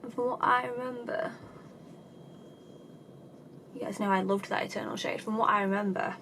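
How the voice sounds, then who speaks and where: A high-pitched woman talks through her makeup tutorial in a loose, chatty way. She is self-deprecating and slips into dry sarcasm. A clear hum of background noise sits under the home recording. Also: normal speed, long pauses. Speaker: beauty vlogger. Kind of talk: casual makeup tutorial chat.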